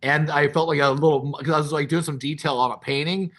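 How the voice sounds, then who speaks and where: A man's voice: on the high side, steady tone, a little fast, a bit bright. A man hosting a podcast in casual chat, loose and joking, rambling through restarts. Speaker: podcast host. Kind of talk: casual conversation.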